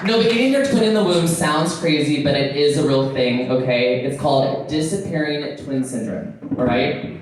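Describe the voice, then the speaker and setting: A man's voice: a little high, moderate pace, noisy background. A man doing a stand-up set, playful and self-mocking, laughing at his own jokes. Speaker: stand-up comedian. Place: nightclub stage. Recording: echoey club from far off, audience audible.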